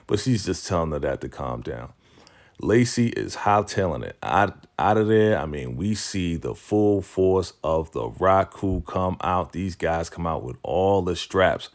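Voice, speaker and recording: A man's voice: low-pitched, lively intonation, unhurried. A man hosting a casual TV episode recap, chatting freely with lots of fillers and frequent laughs.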